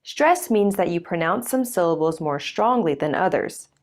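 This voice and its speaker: A woman presenting a scripted English pronunciation lesson, speaking clearly and stressing example sentences. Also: lowish voice, expressive. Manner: clear, measured, over-stressed model sentences. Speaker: online English teacher.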